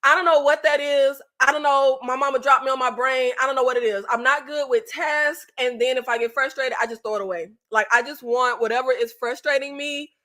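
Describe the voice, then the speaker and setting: A woman hosting a casual live chat with her subscribers, animated and swearing freely, with many fillers and restarts. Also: sits high, fairly quick, few pauses. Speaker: YouTube host.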